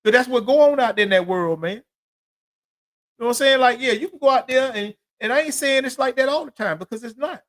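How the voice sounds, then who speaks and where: A man's voice: very high-pitched, quick pace, a bit bright. A man hosting his own show, telling his life story in a casual, profane, streetwise monologue. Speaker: podcast host.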